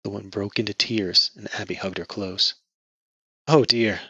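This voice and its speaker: A man narrating an audiobook in a measured storytelling voice. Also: lowish voice, flat delivery, sharp tone, husky, no echo. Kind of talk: scripted narration. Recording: dull lo-fi dry audio.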